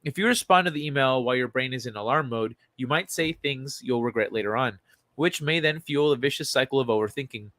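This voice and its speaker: A man's voice: mid-range voice, a little fast, fairly bright tone, no room sound. A man hosting a casual livestream, reading an article and chat messages aloud and chatting loosely with frequent fillers and the odd swear word. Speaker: livestream host.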